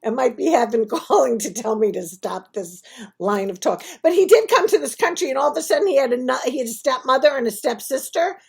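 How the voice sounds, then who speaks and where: A woman's voice: sits high, lively intonation, brisk, vocal fry, slightly rough. A woman talking to the camera in a casual video monologue, rambling and laughing at herself. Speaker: vlogger.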